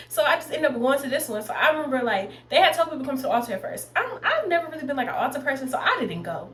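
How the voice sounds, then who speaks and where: A woman's voice: high voice, very animated, rapid-fire, hardly any pauses, fairly bright tone. A young woman in her twenties chatting to viewers while doing her makeup, rambling and addressing them as y'all. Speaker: beauty vlogger. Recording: echoey room with faint noise.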